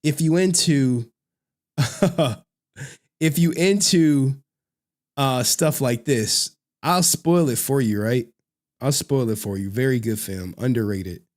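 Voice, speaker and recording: A man's voice: medium pitch, takes it slowly. A man hosting a live stream, rambling casually, laughing often and groping for words. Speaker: livestream host.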